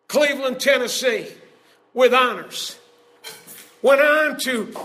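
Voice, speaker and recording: High, bright-voiced shouting preacher. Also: male voice. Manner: emphatic storytelling, rising to shouted exhortation. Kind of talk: sermon.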